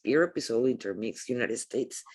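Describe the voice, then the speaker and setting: Husky-voiced woman podcast host. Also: a bass voice, animated, normal speed, darkish tone. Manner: earnest, reflective. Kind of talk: casual conversation.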